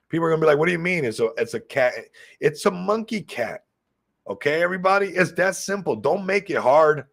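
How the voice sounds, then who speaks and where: A man hosting a casual crypto livestream, excitable and hyped, constantly talking to his viewers while a little sick. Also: on the high side, vocal fry, husky.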